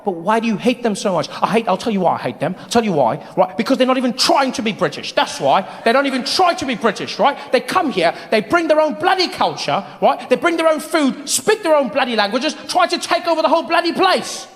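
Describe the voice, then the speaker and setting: A man's voice: sits high, fast, hardly any pauses, natural voice. A man mimicking an angry male Brexit voter who blusters and keeps saying "bloody", on a reverberant stage. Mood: ranting.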